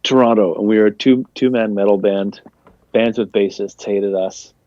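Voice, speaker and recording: A young male comedian chats in a loose, rambling way. His voice is low and mellow. The recording is dull and lo-fi, with a dry, close sound. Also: fairly even intonation, normal speed, dry recording. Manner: rambling, laid-back, lots of "like" fillers. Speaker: guest comedian. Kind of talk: casual interview chat.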